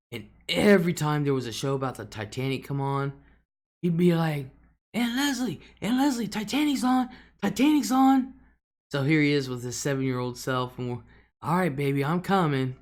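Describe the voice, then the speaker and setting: Chatty woman host. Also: very deep voice. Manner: chatty, laughs often, drawls some words. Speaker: livestream host. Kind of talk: casual livestream chat reading comments.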